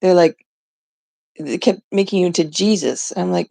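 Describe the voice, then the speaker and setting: A woman's voice: fairly low pitch, moderate pace, creaky, dark tone, no room sound. A woman from Canada chatting casually on a live stream, rambling and giggling through mock-exasperated stories.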